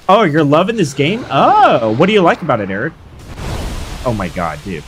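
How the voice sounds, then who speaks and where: Young man, game streamer, hyped, slightly high voice, chatty with viewers. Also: normal speed, slight background noise. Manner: excitable, hyped shouts while fighting. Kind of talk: live gameplay commentary chatting with viewers.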